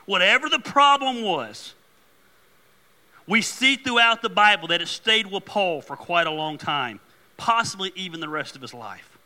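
A middle-aged male pastor preaching a sermon, an animated, joking storyteller who turns earnest. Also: sits high, moderate pace.

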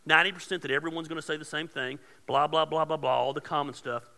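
Gravelly, bright pastor preaching. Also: male voice, on the high side, fairly even intonation, quick pace, long reverb tail. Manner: casual, joking, rising to loud emphatic preaching. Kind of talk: sermon.

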